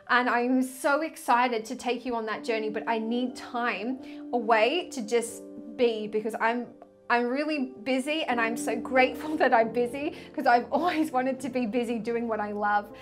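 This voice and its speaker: A young woman chats to camera as a spiritual tarot vlogger in a fairly high voice. She gushes, filling her talk with "like" and "literally". Faint music plays behind her. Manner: gushing, effusive, many "like" and "literally". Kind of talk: casual direct-to-camera chat.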